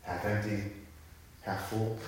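A man's voice: on the low side, flat delivery, slow, heavy reverb, slight background noise. A man preaching a sermon, telling a personal story casually and then building to fervent emphasis. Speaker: pastor.

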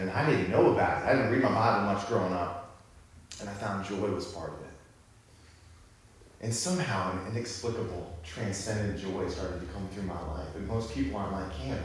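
A man's voice: fairly low pitch, brisk, very echoey, a little hiss or hum. A man preaching a sermon, telling a personal story casually and then building to fervent emphasis. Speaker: pastor.

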